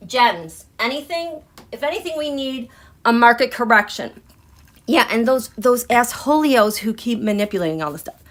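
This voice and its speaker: A woman hosting a live astrology and tarot stream, gushing and excitable, dropping into hushed, near-whispered passages. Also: on the high side. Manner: soft and slow, nearly whispering. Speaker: tarot and astrology livestream host.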